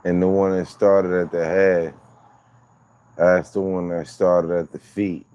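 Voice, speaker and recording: A man's voice: low-pitched, little pitch movement, slow pace, mellow, clear, resonant tone, dull audio. A man hosting a casual livestream, teasing and joking with his viewers. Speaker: livestream host.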